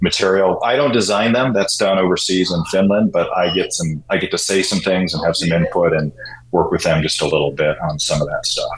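Man telling stories in a roomy echo. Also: brisk. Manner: animated, jumps higher when quoting people. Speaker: guest, shoe importer. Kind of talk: casual interview storytelling.

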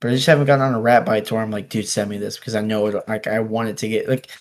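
A man in relaxed conversation, telling a long fishing story with lots of "like" and "dude" and frequent laughs. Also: fairly low pitch, racing. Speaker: podcast guest angler. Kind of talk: casual storytelling chat. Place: office.

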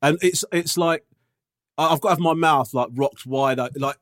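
A man, a podcast co-host, telling an anecdote in casual chat, animated and swearing, checking in with "right?". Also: fairly high pitch, moderate pace, no room sound, studio quality.

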